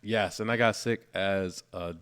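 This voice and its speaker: A man's voice: low-pitched, steady tone, measured pace, fairly bright tone, clean tone, no room sound, clean studio sound. A man co-hosting a movie podcast in casual chat, laid-back and laughing often. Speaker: podcast co-host.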